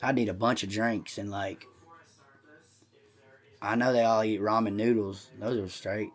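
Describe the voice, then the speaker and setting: A man's voice: fairly low pitch, little pitch movement, unhurried. A man co-hosting a comedy podcast, telling crude stories in a rambling, profane way and jumping into voices for the people in them. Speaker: podcast co-host.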